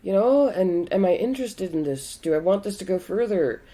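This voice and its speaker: A woman's voice: mid-range voice, expressive, normal speed, dark tone. A woman co-hosting a casual podcast chat, talking bluntly and frankly, with casual swearing. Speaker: podcast co-host.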